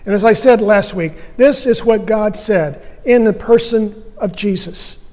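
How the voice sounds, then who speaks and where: A man's voice: sits high, unhurried, a little mellow, big-room sound. A man preaching a sermon as pastor, earnest and emphatic, asking rhetorical questions.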